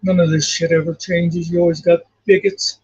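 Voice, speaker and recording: High-voiced husky man rambling on a call. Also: little pitch movement, moderate pace. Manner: rambling, reflective, repeats "you know". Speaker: guest commentator. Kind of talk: casual livestream chat. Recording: muffled lo-fi call audio.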